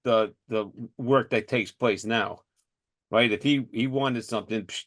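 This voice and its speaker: A middle-aged man hosting a podcast, telling firefighter stories in a casual chat, animated and laughing as he talks. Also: fairly low pitch, measured pace.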